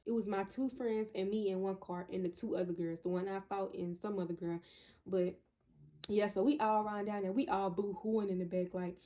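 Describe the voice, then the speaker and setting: A woman's voice: mid-range voice, moderate pace. Chatty young woman telling a story. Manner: animated, talks straight to viewers; chatty, loose retelling with restarts. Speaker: vlogger. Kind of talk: casual storytime.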